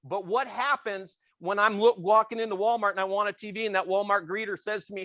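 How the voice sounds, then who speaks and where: An intense, passionate man runs a training session, quizzing his class and slipping into quick voices for customers he quotes. His voice sits high and sounds bright and cutting, with a close, dry sound. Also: steady tone, no room sound. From Italian family background. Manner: intense, passionate, asks the room questions. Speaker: real estate trainer.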